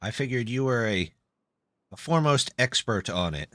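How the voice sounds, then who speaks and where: A man's voice: mid-range voice, animated, moderate pace, a bit bright, no room sound. A man live-streaming a game and chatting casually with viewers, answering their comments in a loose, self-deprecating way. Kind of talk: casual live-stream chat while gaming.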